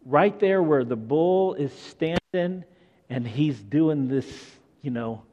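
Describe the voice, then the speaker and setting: Slow-preaching man in an echoey hall. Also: a little high, dull audio. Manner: animated storytelling, acts out scenes. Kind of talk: sermon.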